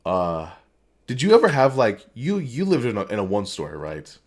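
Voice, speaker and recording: A man's voice: lowish voice, wildly swooping pitch, moderate pace. A man co-hosting a casual podcast, telling rambling stories and laughing often. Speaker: podcast co-host. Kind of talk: casual chat.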